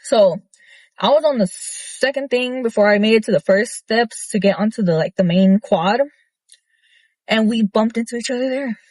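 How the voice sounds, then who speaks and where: A woman's voice: on the high side, normal speed, no echo. A young woman telling a story in a casual, blunt rant, swearing freely and filling her talk with "like". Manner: blunt, profane, animated retelling with many fillers. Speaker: vlogger.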